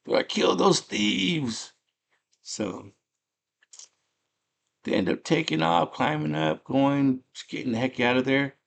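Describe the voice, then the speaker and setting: A man casually retelling a movie plot in rough slang, breaking into loud put-on voices for the characters. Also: medium pitch, fairly even intonation, brisk, hardly any pauses. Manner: rough slangy street talk. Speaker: movie chat host.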